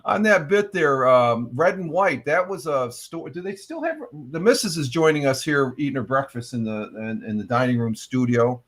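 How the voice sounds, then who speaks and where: A man from New York hosts a relaxed morning live stream. He rambles through his thoughts, stumbling over fillers and restarting sentences as he chats with viewers. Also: medium pitch, normal speed. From New York, USA. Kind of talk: casual morning chat.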